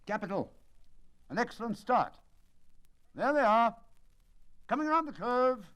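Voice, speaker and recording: Imperturbable detective, quiet and precise, lively pitch, read by a male narrator. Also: fairly quick. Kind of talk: dramatic audiobook reading.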